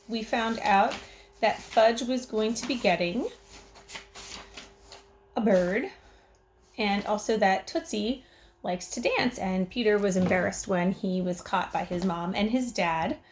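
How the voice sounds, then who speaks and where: A woman teacher reading a chapter book aloud to her class, with expressive, clear storytelling. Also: mid-range voice, a little hiss or hum.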